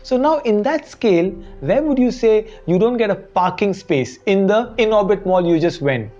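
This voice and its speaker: A woman with an Indian English accent presents an educational talk, her voice rising and falling with animated energy. She keeps turning to the audience with rhetorical questions. The recording is slightly dull, with soft music playing behind her. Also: mid-range voice, moderate pace. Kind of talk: motivational lesson to the camera.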